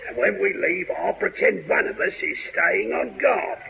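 An actor playing a sneering, bullying small-time crook, in 1960s radio comedy acting. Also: male voice, high voice, normal speed, gravelly, a little hiss or hum. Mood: menacing. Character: menacing small-time male crook, bullying gangster act. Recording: dull old radio recording.

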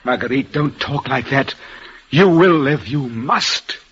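A man's voice: mid-range voice, lively intonation, slow pace, fairly bright tone, breathy edge, full character voice. An actor voicing a devoted, anguished young man in an old radio drama, speaking earnestly and pleadingly. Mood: pleading, tender. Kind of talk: 1940s radio acting. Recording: dull lo-fi old radio recording.

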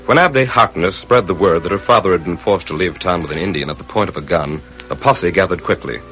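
A male announcer narrating an old radio drama, in a lowish voice and a measured, dramatic storytelling manner. Faint music plays under his voice in a dull, muffled old broadcast. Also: sharp tone.

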